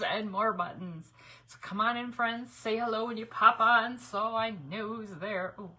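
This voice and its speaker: A woman's voice: a little high, sharp tone, poor audio. A middle-aged woman, hosting a casual craft livestream, folksy and chatty as she greets viewers by name. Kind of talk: casual live-stream chat.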